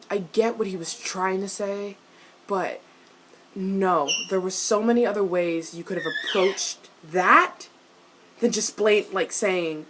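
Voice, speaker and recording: A woman reacting to a TV episode in casual, excitable rants, swearing often and turning exasperated. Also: medium pitch, a little slow. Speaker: video reviewer.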